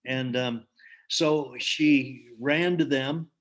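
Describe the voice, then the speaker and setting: A man's voice: medium pitch, steady tone, drawn-out words, a bit bright. A man giving a storytelling talk in an earnest way, with frequent ums and restarts. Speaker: speaker.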